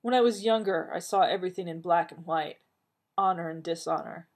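A woman's voice: lowish voice, a little fast. A woman reading aloud, voicing a grim, tall warrior man who speaks in terse, brooding lines.

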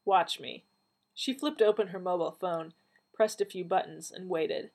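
A woman reading a story aloud, lightly acting out the dialogue. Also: moderate pace. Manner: lively, acts out dialogue with raised pitch. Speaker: reader of fan fiction. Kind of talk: storybook narration with character voices.

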